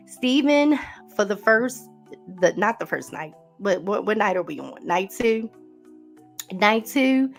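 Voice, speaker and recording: Woman host, lower register, chatty recap that keeps calling the audience "y'all", soft music underneath. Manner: chatty, talks straight to listeners with "y'all" and "honey". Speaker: podcast host. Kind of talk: casual recap chat. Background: faint background music.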